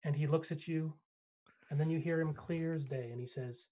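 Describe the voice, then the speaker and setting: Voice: medium pitch, fairly even intonation, moderate pace, warm tone, lo-fi sound. Hesitant tabletop game master. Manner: hesitant, many ums and restarts. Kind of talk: narrating a live-streamed tabletop game.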